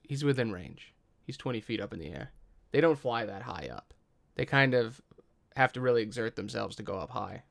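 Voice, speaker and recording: A man's voice: lowish voice, expressive, moderate pace, creaky. Man narrating as game master.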